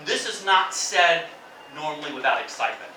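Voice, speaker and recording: A man's voice: a little high, lively intonation, moderate pace, background noise. A man teaching an English lesson in a classroom, explaining intonation and acting out exaggerated example phrases. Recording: echoey classroom from a distance.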